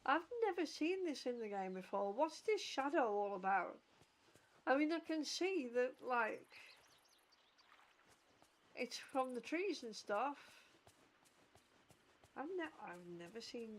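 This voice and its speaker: A woman's voice: a little high, animated, measured pace, pauses often, a little hiss or hum. A middle-aged woman streaming a game, rambling casually, swearing and reading game text aloud. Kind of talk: casual gameplay commentary.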